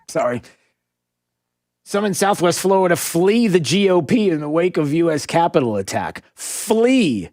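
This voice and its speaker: A male radio talk show host rambling along in an animated way, full of fillers and restarts, in a studio. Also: mid-range voice.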